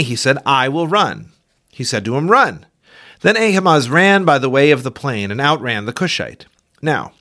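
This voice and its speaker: A man reading scripture aloud for a church podcast, giving the quoted speech a raised, expressive delivery. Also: mid-range voice. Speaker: Bible reader.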